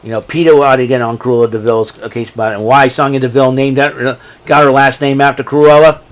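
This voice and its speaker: A man talks casually and at length, circling back on himself with lots of "you know" and "uh" as he goes through a ranked list of his favorite films. His voice sits at an ordinary middle pitch. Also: fairly even intonation, a little fast. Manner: rambling, many fillers and restarts, breaks into quoted movie lines. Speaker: host ranking favorite films. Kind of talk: casual solo commentary.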